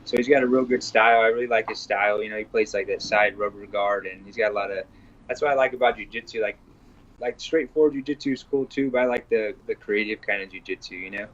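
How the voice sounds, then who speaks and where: A man answering interview questions in an easygoing, unhurried way, often repeating words while he thinks. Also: fairly low pitch, a bit bright, muffled recording. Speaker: interview guest, grappling competitor and instructor. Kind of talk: casual interview chat.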